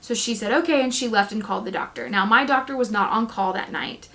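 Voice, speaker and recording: A woman's voice: medium pitch, fairly quick, fairly bright tone. A young woman, a first-time mom, chatting casually to camera as she tells a personal story, often quoting herself. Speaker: vlogger, new mom.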